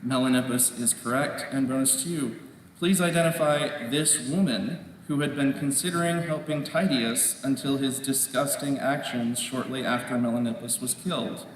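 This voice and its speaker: Male quiz moderator, measured and methodical, in a big roomy hall with a distant mic. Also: mid-range voice. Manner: measured, repeats questions and rules on answers. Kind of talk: reading quiz questions aloud. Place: large indoor competition hall. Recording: echoey hall from far off, faint noise.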